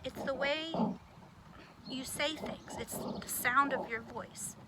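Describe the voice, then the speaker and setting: Woman with a really high voice teaching little kids, patient and slow, noisy recording. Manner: patient, explains things slowly. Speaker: children's show host. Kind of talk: gentle teaching for children. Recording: noisy background.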